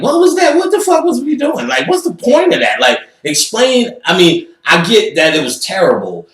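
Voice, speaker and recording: New guy telling a wild story, voice jumping all over, swears a lot, echoey room. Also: on the low side. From Queens, New York. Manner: animated, profane, acts out quoted voices. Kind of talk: casual storytelling.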